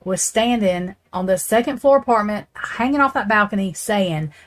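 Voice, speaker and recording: A woman rambles through casual true crime commentary, blunt and quick to swear. Her voice sits at an ordinary middle pitch. She talks straight to her viewers. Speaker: true crime channel host.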